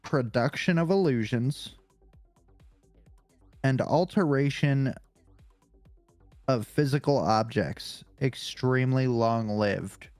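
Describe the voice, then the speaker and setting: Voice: mid-range voice, takes it slowly, long pauses, darkish tone, no room sound, faint music behind. A podcast co-host reading a comic-book character profile aloud, casual and swearing, stumbling over hard names.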